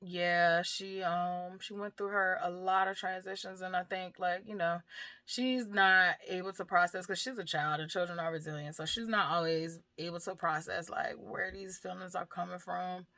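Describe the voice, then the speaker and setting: A woman's voice: fairly low pitch, fairly even intonation, normal speed, bright, forceful tone, no echo, studio quality. Candid, swearing woman talking about grief. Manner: candid, swears freely, laughs through hard topics. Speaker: mother and vlogger. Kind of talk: casual personal talk about grief.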